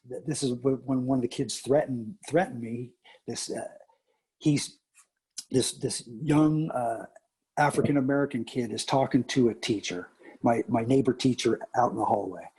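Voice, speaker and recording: A man's voice: moderate pace, husky. A middle-aged man, a teacher and coach, telling stories in a casual interview and acting out the people he quotes with big jumps in his voice. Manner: animated, acts out quotes with big pitch jumps.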